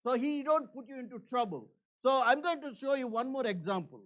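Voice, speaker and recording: Male pastor, high-pitched, earnest and repetitive sermon delivery with frequent fillers, emphatic to hushed. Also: animated, brisk.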